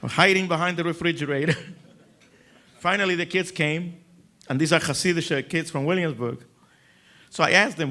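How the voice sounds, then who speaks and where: A rabbi with a fairly high voice tells a lively personal story to a crowd. He is animated and slips into other people's voices as he goes, chuckling along the way. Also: normal speed, pauses often. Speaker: rabbi giving a talk. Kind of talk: humorous storytelling speech.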